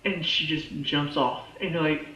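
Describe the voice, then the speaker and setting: An excitable man reviews a TV show in a casual ramble, with a fairly high voice. The recording is roomy and dull, with a faint hiss underneath. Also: moderate pace. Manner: excitable, lots of fillers and restarts.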